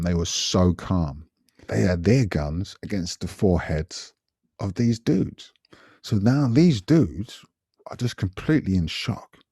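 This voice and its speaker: A man, telling a story on a podcast in a casual, animated way, repeating himself and adding asides. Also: sits low, breathy edge, no echo, studio quality. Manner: animated, repetitive retelling with frequent asides. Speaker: podcast guest recalling past events.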